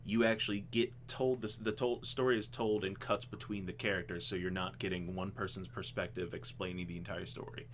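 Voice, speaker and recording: A man co-hosting a casual podcast, talking animatedly about a film adaptation, with frequent ums and quick laughs. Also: low-pitched, little pitch movement, a little hiss or hum. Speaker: podcast co-host.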